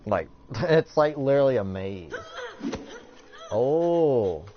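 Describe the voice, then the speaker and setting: A man's voice: fairly low pitch, expressive, unhurried. A teenage boy casually commentating his gameplay, rambling with lots of fillers and reading game text aloud. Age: teens. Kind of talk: casual let's-play commentary. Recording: dull lo-fi mic with faint noise.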